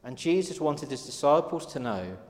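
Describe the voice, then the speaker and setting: A man's voice: a little high, lively intonation, moderate pace. A man preaching a sermon, earnest and storytelling, acting out little exchanges as he goes. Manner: earnest, storytelling with quoted dialogue. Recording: echoey hall with long reverb.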